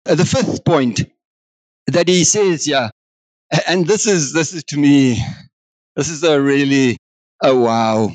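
A man with a South African accent preaching a sermon in an animated way, acting out God's words. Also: fairly high pitch, takes it slowly, long pauses, dry recording. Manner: animated, acts out God's words, mixes in other languages.

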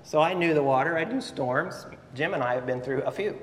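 A male pastor delivering a Sunday morning sermon, telling the story in an animated way and asking his listeners rhetorical questions. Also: on the high side, a little fast, slight background noise. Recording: echoey hall with faint ambience.

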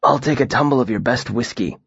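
A man voicing a young man in disguise who talks quietly with a put-on rasp in his throat. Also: medium pitch, no room sound, lo-fi sound. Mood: hushed. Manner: hushed, deliberate.

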